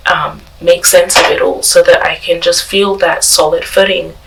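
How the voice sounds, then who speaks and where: A woman's voice: on the low side, level tone, moderate pace, vocal fry, recorded from a distance, noisy background. A woman guest on a parish podcast, telling her faith story in a reflective way with many fillers and restarts.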